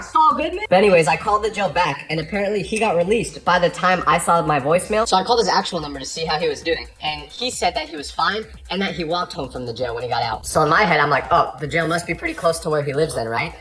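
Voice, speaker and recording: A man telling funny stories from his life in a comedic storytime monologue, breaking into exaggerated outbursts. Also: high-pitched. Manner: animated, jumps to exaggerated outbursts.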